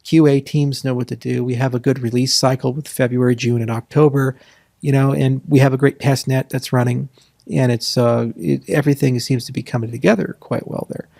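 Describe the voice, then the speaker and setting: Gravelly guy rambling thru an interview, dry close sound, kinda sarcastic. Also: medium pitch, steady tone, a little mellow, no echo. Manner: rambling, sarcastic asides, lists points quickly. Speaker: interview guest. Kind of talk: casual interview talk.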